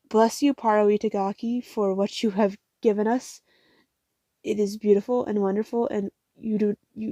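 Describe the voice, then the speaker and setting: A tired young woman rambling casually through a manga haul, swearing often and getting excitable. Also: medium pitch, no echo.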